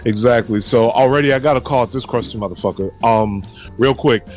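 Dude calling people out on a podcast, cussing, normal pitch, muffled audio. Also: male voice, fairly quick, darkish tone. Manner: profane, dismissive. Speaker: podcast co-host. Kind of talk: casual chat. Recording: dull lo-fi recording with faint music.

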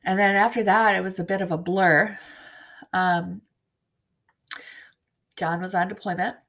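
A woman telling her own story as a bereaved mother, halting and frank, with blunt swearing. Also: medium pitch, steady tone, fairly bright tone. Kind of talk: personal storytelling to camera.

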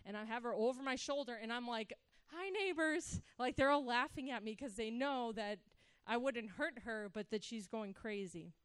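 A middle-aged woman telling a personal story in an animated way, acting out the voices she quotes. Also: a little high, moderate pace, clean tone, no room sound. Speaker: speaker sharing a personal story.

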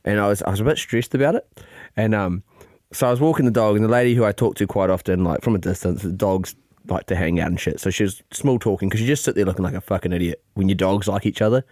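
A man's voice: fairly low pitch, quick pace, a little mellow, no echo, clean studio sound. A young man co-hosting a podcast, telling a rambling, sweary story in casual chat. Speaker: podcast co-host.

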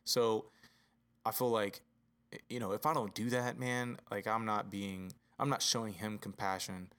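A man speaks as a father in a relaxed podcast conversation, earnest and easygoing. His voice sits on the low side, and he fills his sentences with casual asides. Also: a little slow, clean tone. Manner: earnest, relaxed, says "you know" a lot. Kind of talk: casual chat.

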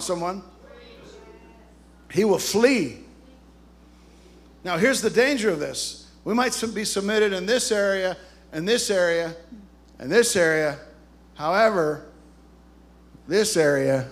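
A man's voice: sits high, moderate pace. A man preaching a sermon in an emphatic, rousing way, calling out to his congregation. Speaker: pastor.

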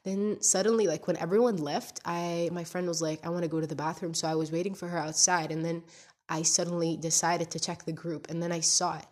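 A woman's voice: fairly low pitch, little pitch movement, fairly quick, darkish tone. Stuffy-nosed young woman in a candid video diary. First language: not English. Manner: candid, rambling, searching for words. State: stuffy nose from crying. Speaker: podcaster. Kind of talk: casual confessional video diary.

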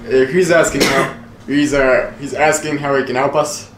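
A man's voice: medium pitch, steady tone, normal speed, a bit bright, far from the mic. A man playing a tabletop game, asking earnest, hesitant questions. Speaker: player. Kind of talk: casual tabletop chat. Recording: echoey room, faint music.

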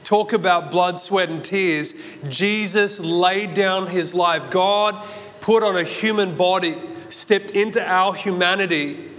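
Australian pastor preaching in a reverberant church. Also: male voice, high voice, a little hiss or hum. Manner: animated storytelling, acts out his own shouts and thoughts. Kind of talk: sermon with personal story. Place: church auditorium. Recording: long church hall reverb.

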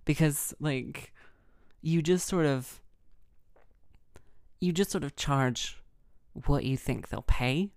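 A woman hosting a casual solo podcast, chatty and self-mocking, rambling with lots of fillers and a heavy vocal fry. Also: deep voice, takes it slowly, pauses often, darkish tone, no echo, clean studio sound. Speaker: harpist and podcast host.

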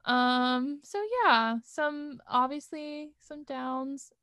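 A young woman in her twenties co-hosting a casual podcast, relaxed and quick to laugh. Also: sits high, no room sound, clean studio sound. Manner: laughs often, drawn-out, relaxed delivery. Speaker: podcast co-host, music student.

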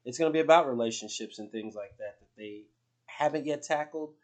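A man's voice: medium pitch, brisk. A middle-aged man hosting a spiritual podcast in loose, rambling casual chat, swearing freely. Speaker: podcast host.

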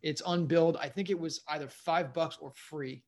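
Chatty comedian man, slightly high voice. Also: fairly even intonation, normal speed. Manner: rambling storyteller, keeps saying "you know what I mean". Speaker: guest comedian. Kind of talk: casual interview chat.

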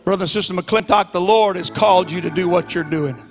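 A man preaching a sermon as pastor, swinging between soft lines and fervent shouts, drawing key words out. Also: sits high, soft background music. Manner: stretches key words out slowly. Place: church sanctuary.

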